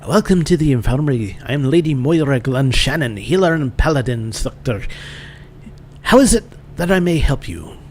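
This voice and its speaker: Kindly woman healer with a shaky Irish accent, pitched high and loud, as a man fakes it. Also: expressive, moderate pace, slight background noise, natural voice. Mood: cheerful. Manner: put-on, wobbly lilt, cheerful. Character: kindly female healer and paladin teacher.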